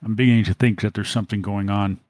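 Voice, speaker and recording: A man's voice: fairly low pitch, fairly even intonation, fast talker, darkish tone, no echo, close to an everyday voice. A man voicing a weary male police officer who talks bluntly and plainly. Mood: worried. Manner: plain, matter-of-fact.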